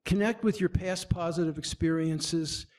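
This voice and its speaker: A man presenting at a marketing meetup. He speaks in a lively, demonstrative way, acting out facial expressions and often stumbling and restarting his sentences. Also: fairly high pitch, normal speed. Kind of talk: presentation talk.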